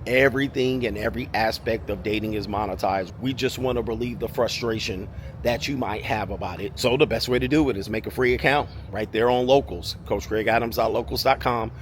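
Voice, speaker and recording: A man's voice: medium pitch, fairly quick, a little hiss or hum. A man confidently promoting his channel outdoors. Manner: confident, salesy. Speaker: host doing a promo.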